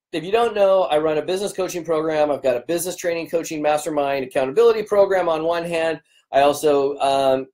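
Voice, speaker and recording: On a livestream, a male business coach chats casually, greeting viewers by name in an upbeat, rambling way. His voice sits on the high side with a darkish tone, and it's strained and cracking after a long day of talking.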